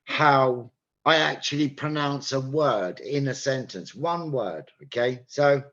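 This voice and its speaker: An Englishman with a British accent teaches pronunciation to an online class, speaking slowly in a medium-pitched, slightly bright voice on a muffled recording. He is patient and checks that listeners follow by asking "okay?".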